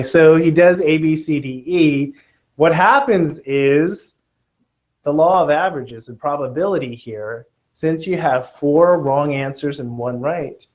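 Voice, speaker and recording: A man's voice: mid-range voice, a little mellow. Man, tutor, Southern Californian accent, joking, lecturing, lo-fi classroom recording. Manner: joking, checks in with students.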